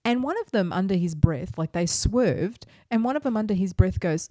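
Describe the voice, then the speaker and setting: A middle-aged Australian woman chatting on a podcast, her pitch leaping around as she tells a story. Her tone is warm and mellow, and the sound is dry and close with no room around it. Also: a little fast, hardly any pauses, dry recording. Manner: animated, indignant storytelling. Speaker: podcast co-host. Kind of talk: casual chat.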